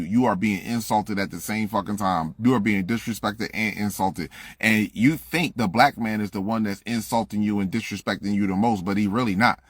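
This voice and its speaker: A livestream host rants heatedly into his phone, blunt, profane and preachy, repeating himself to drive his point home. His voice is fairly low with a fairly bright tone, and the recording is dry.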